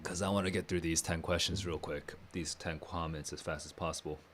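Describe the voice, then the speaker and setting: A man chatting casually on a live stream, answering viewer questions at home. He sounds low on energy and talks in a laid-back, rambling way, with plenty of fillers. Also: steady tone, a little fast, a bit bright, soft background music.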